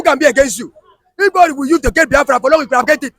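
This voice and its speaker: A man's voice: very high voice, rapid-fire, fairly bright tone, no echo. A man with a Nigerian Pidgin accent, arguing emphatically and repeating himself in a heated street interview. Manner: emphatic, repetitive, scolding.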